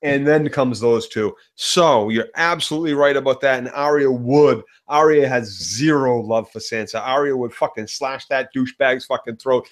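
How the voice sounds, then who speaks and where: A man with a Boston accent, co-hosting a fan show and ranting loudly with heavy profanity. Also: medium pitch, moderate pace, hardly any pauses. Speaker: co-host.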